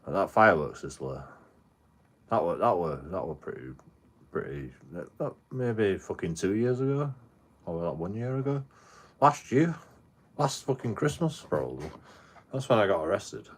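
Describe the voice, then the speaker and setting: A man with a fairly low voice, rambling through a story on a livestream. He swears constantly and restarts his sentences as he goes, in an easy, offhand way. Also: animated, moderate pace, pauses often, husky. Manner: rambling, heavily profane storytelling with frequent restarts. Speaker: live streamer. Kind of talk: casual livestream chat.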